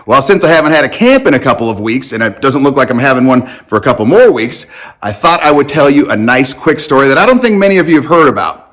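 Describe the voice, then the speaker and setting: A man who coaches long snapping, telling a story in a casual, animated, joking and affectionate way. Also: mid-range voice, fast.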